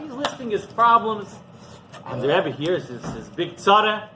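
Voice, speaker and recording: A rabbi telling a story in a conversational sermon, halting and repeating himself as he goes. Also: high-pitched, big pitch swings. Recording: noisy background.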